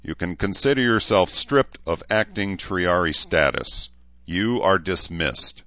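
A man voicing a gruff veteran gunnery sergeant who gives clipped, cold orders. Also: deep voice, lively intonation, measured pace, sharp tone, muffled recording, heavily acted. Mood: stern. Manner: clipped commands.

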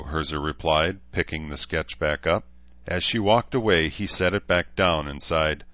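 Low-voiced guy narrating a novel, steady pace, kinda dull lo-fi audio. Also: normal speed, no room sound. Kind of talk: scripted narration.

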